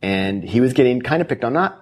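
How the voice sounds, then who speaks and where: A man's voice: medium pitch, lively intonation, brisk, slight background noise. A man who is an author, telling stories earnestly in an interview and quoting the people in them. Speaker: author guest. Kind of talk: animated storytelling interview.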